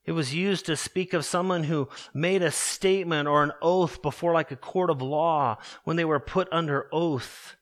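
A man preaching a sermon earnestly, slowing down and dropping his voice low to stress key words. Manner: earnest preaching, slows and drops low for emphasis. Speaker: pastor.

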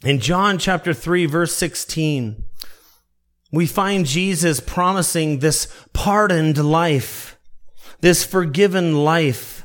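A man preaching a sermon as pastor, slow and deliberate, stretching out quoted verses for emphasis and calling his listeners beloved. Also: a little high, fairly bright tone.

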